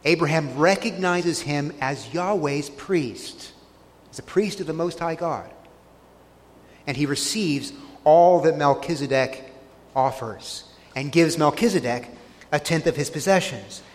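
A man's voice: fairly high pitch, unhurried, long reverb tail. A man preaching a sermon, earnestly retelling scripture scenes and pressing each point with emphasis. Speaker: pastor.

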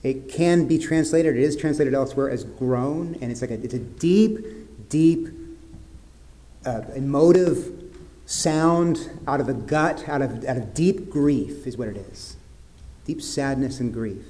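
A man preaching a sermon as pastor, in an earnest way that drops to soft, grave tones. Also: mid-range voice, unhurried.

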